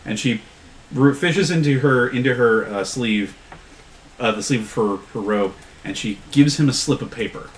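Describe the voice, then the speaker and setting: A man narrating a tabletop game as game master, halting and restarting as he describes scenes. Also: medium pitch, slight background noise, low-quality recording. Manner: rambling, halting, many restarts.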